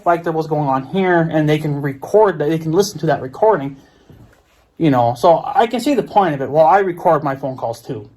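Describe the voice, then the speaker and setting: A man's voice: a little high, darkish tone. A man with an American accent ranting to camera in a vlog, profane, exasperated and repetitive. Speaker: vlogger. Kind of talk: ranting monologue.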